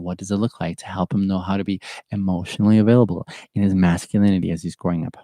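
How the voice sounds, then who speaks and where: A man's voice: low-pitched, mellow, no echo. A middle-aged man hosting a reflective solo podcast, speaking earnestly and thoughtfully, often repeating his phrases. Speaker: podcast host. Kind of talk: reflective solo podcast talk with live chat.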